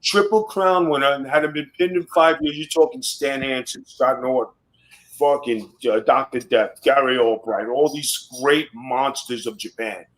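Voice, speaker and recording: A man in his fifties, a former wrestler, swaggers through casual podcast stories. His delivery is blunt and heavy with profanity, and his voice sits at an ordinary middle pitch. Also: moderate pace, fairly bright tone, poor audio.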